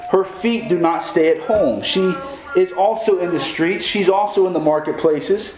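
A man's voice: fairly high pitch, darkish tone, reverberant, a little hiss or hum, low-quality recording. A man preaching a sermon as pastor, putting questions to the congregation.

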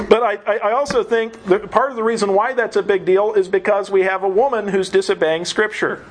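A man's voice: high voice, steady tone, moderate pace, a little hiss or hum, rough recording. A man preaching a sermon, earnest teaching that often breaks into a chuckle.

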